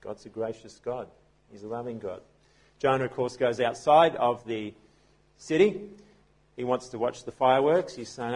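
A man's voice: medium pitch, normal speed, a little mellow. A man preaching a sermon as pastor, telling a story in a conversational way with frequent restarts.

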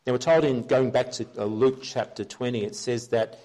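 A man's voice: mid-range voice, moderate pace, warm tone. A man preaching a conversational Bible-teaching sermon, earnestly explaining scripture and checking in with his listeners.

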